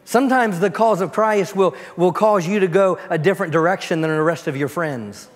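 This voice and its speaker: A pastor giving a storytelling sermon, dropping to a soft, quiet voice when he prays. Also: sits high, fairly quick. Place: church sanctuary. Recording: long church reverb.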